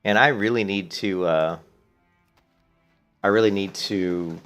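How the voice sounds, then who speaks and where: A man's voice: sits low, slow, fairly bright tone, faint music behind. A man chatting casually and swearing freely as he plays a game, stopping now and then to answer his chat. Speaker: gaming channel host. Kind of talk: casual gameplay commentary.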